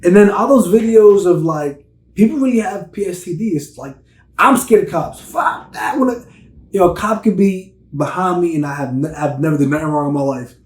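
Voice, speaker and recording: A young man in his twenties chatting casually on a podcast, animated and profane, acting out stories in voices. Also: high voice, moderate pace. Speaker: podcast host. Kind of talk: casual chat. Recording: echoey room.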